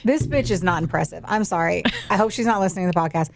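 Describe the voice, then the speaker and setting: A woman's voice: on the low side, quick pace, creaky, slight background noise. A young woman co-hosting a podcast, retelling a true-crime case in casual, profane, emphatic chat. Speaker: podcast co-host.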